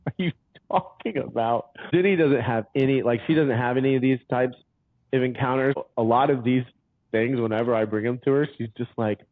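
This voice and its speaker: A man telling stories as a podcast guest in casual conversation, animated and saying "dude" a lot. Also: mid-range voice, brisk, no echo. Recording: tinny phone-like line, dry.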